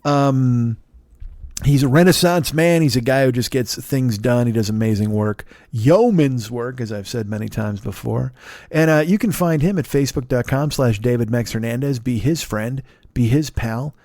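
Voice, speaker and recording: A tired man in his forties hosting a comedy podcast, rambling through shout-outs with yawns, swearing and self-mockery. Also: mid-range voice, normal speed, dry recording, studio quality. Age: 40s. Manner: rambling, profane, self-mocking, sleepy. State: tired and yawning. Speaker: podcast host. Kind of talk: solo comedy podcast plug segment.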